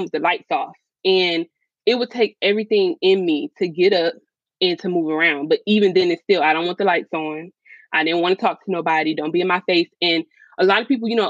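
A woman's voice: lowish voice, no echo. Woman guest sharing her story, super casual and frank, kinda dull dry audio. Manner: frank, casual talk with many fillers. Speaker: podcast guest. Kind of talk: personal storytelling interview. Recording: slightly dull, dry sound.

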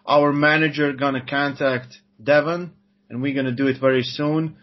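A man's voice: medium pitch, steady tone, normal speed, muffled recording. A man co-hosting a podcast, speaking playful English with phrasing. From Latvia. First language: Latvian. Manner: playful, mock-formal, non-native phrasing. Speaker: strength coach, co-host. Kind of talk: casual podcast chat.

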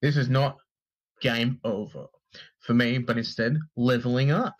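A man's voice: mid-range voice, fairly even intonation, unhurried, low-quality recording. Man, podcast co-host, casual news reading, sweary, joking, trips over names.

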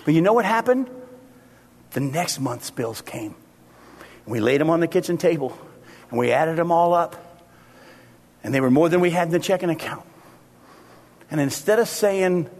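A man preaching a sermon as pastor, animated and acting out the voices he quotes. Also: on the high side, normal speed. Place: church sanctuary. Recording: long reverb of a church hall.

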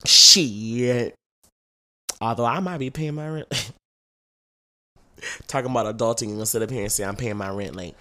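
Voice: medium pitch, normal speed, long pauses, pushed and bright. A young adult podcast co-host in casual chat, playful and slangy, swearing freely.

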